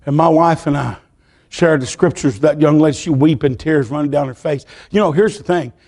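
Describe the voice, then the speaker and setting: A man preaching a sermon, telling stories and rising to shouts. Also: fairly high pitch, fairly quick. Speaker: pastor.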